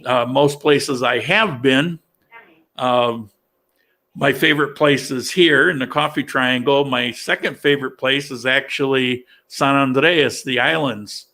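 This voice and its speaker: A man from upstate New York hosting a casual livestream chat, talking in a halting way with many restarts and fillers. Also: mid-range voice, bright, forceful tone. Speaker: livestream host.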